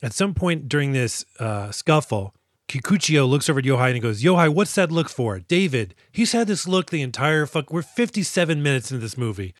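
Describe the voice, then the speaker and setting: A man co-hosting a podcast, recapping a movie in profane, jokey, animated chat on a close mic. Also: medium pitch, brisk, no echo. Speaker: podcast co-host.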